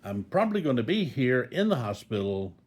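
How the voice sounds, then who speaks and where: A man's voice: medium pitch, sing-song, brisk, a little mellow. An older man vlogging casually from a hospital room, rambling and folksy with joking asides. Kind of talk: casual talk to camera.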